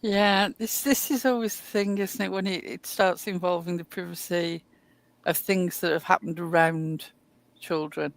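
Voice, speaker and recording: A man with a Cockney accent chatting wryly as a co-host on a casual livestream, pausing on fillers. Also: sits high, fairly even intonation, creaky, dry recording. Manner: chatty, wry, with hesitant fillers.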